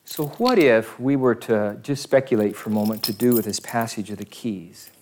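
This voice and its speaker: A man's voice: on the low side, expressive, normal speed, a little mellow, a little hiss or hum. A man giving a casual, conversational sermon as a pastor, rambling with self-deprecating asides.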